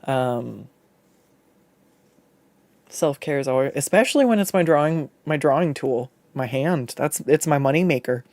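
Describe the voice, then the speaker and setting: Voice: mid-range voice, expressive, unhurried, pauses often, a little mellow, no echo. A VTuber art streamer chatting casually while drawing, rambling and laughing often, and swearing freely when annoyed. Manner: self-deprecating, laughs often.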